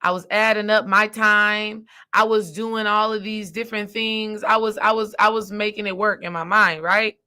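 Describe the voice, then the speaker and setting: A woman, a spiritual coach, telling a personal story in a casual monologue, emphatic and animated, speaking straight to her listeners. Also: mid-range voice, normal speed, few pauses, clear, resonant tone. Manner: animated, acts out quoted dialogue; emphatic, addresses listeners directly.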